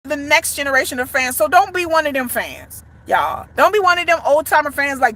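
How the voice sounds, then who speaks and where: This woman's voice is high, bright and forceful, with lively intonation and a brisk pace with few pauses. A fan content creator for a boy band, she rants bluntly and emphatically, curses freely, and leans into every point.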